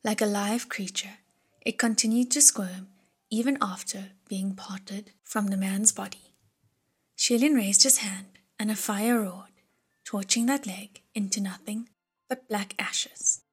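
Breathy, hushed woman audiobook narrator. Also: medium pitch, steady tone, measured pace.

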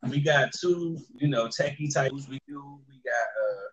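A man's voice: mid-range voice, unhurried, slight background noise, poor audio. A man in casual podcast banter, joking and teasing, with some swearing. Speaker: podcast co-host.

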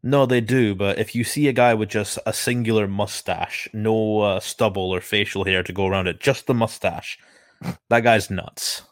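A man's voice: on the low side, steady tone, moderate pace, no room sound, studio quality. A man in a casual podcast chat, blunt and jokey, swearing now and then. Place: lives in Scotland.

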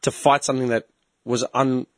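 An Australian man in casual chat, telling a story with lively swings in his voice and acting out the people he quotes. He swears freely and sounds loose and unscripted. The recording is dry and close, with no room around him. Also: medium pitch, normal speed, no echo. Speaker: podcast co-host.

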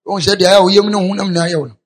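A man interpreting a sermon live, quickly repeating each of the preacher's phrases after him. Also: high voice, flat delivery, slightly rough. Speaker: church interpreter.

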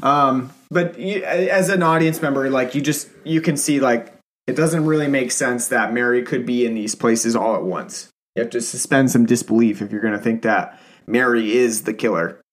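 A man of ordinary pitch co-hosting a relaxed film podcast. He hesitates often and fills gaps with ums and uhs. His tone is casual and unhurried. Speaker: podcast co-host.

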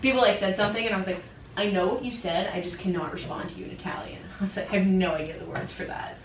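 A woman's voice: mid-range voice, fairly even intonation, quick pace, slight background noise. A woman telling a travel story in casual chat, laughing easily as she talks. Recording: roomy, distant mic with faint background.

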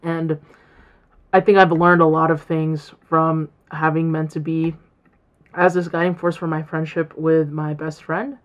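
A woman's voice: deep voice, level tone, unhurried, highs cut off. A young woman in college hosting her own podcast, talking in a rambling, reflective way with many fillers and restarts. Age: young adult. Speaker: podcast host. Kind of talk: casual solo podcast talk.

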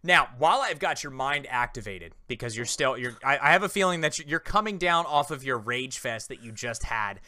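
A man in his thirties co-hosting a podcast, chatting casually and quizzing his co-host with teasing rapid-fire questions. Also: medium pitch, lively intonation, pushed and bright, no echo. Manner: playful, teasing quizmaster. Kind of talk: casual chat.

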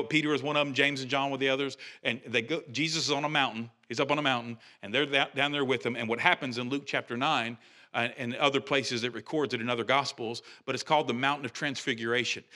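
Bright-voiced male preacher, animated. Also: mid-range voice. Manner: animated, conversational preaching with restarts and rising emphasis. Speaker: pastor. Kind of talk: sermon.

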